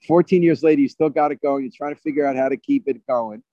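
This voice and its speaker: A man's voice: a little high, quick pace, no echo. A man interviewing a guest for radio, asking curious, conversational questions. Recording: dull, dry sound.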